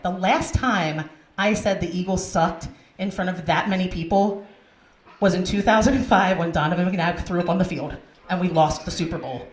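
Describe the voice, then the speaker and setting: A brash woman works a comedy club crowd with crude stand-up. Her voice sits a bit low, and it rings around a roomy club. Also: a little fast. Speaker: stand-up comedian hosting a show.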